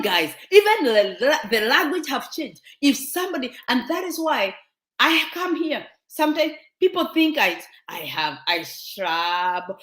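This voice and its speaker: Her voice sits high with a fairly bright tone as this Kenyan show host, speaking with a Kenyan accent, fervently scolds her viewers. The monologue leans heavily on rhetorical questions and is recorded in an echoey room.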